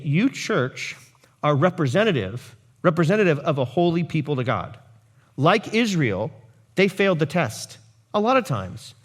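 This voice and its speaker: Male pastor, fairly high voice, lively sermon delivery with playful acted-out quotes. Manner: animated, jokey asides and voiced quotes.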